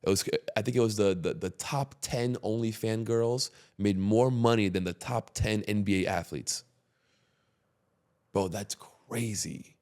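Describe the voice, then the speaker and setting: A man with a somewhat low voice hosts a relaxed podcast chat. He talks emphatically, lifting his energy when he drives a point home, and drops casual swearing along the way. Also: moderate pace, few pauses, smooth. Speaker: podcast host.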